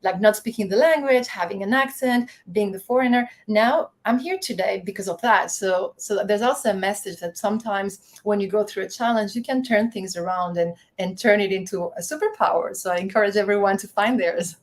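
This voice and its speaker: A woman's voice: mid-range voice, fairly quick, few pauses. A woman from the Canary Islands, a guest in a casual interview, speaking reflectively with frequent restarts. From Canary Islands, Spain. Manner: reflective, many restarts and reported dialogue.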